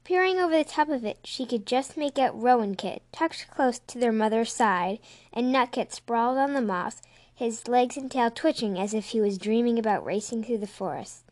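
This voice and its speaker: A woman reading an animal storybook aloud in a lively, expressive way. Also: a little high, normal speed. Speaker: reader.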